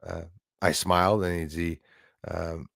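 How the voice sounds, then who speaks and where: A man hosting a live stream, telling a story in a casual, animated way full of fillers. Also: low voice, a little slow, gravelly, no echo, studio quality. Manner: animated, acts out quoted voices, frequent fillers.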